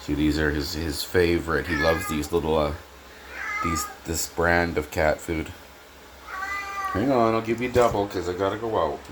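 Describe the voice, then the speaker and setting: In a small apartment kitchen, a Canadian-accented vlogger with a low, deep voice rambles to a handheld camera. His talk halts, trails off into fillers, and restarts, and he affectionately uses pet names for an absent listener and his cat. A faint hiss sits in the background.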